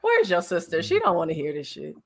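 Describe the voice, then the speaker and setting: Brief: woman, podcast co-host, lowish voice, animated pitch, teasing banter. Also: quick pace. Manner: teasing, playful asides, frequent laughter. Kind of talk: casual live podcast chat.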